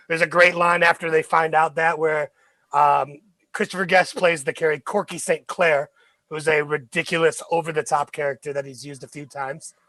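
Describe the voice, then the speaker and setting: Man, high-pitched, enthusiastic movie talk, dry recording. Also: sharp tone, no room sound. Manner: enthusiastic, quotes lines with laughs. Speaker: podcast co-host. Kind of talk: casual movie review chat.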